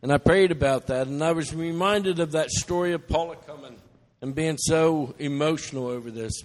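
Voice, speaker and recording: Middle-aged male preacher, earnest and emotional, slightly high voice, long church reverb. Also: normal speed. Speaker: missionary preacher. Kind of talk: sermon storytelling.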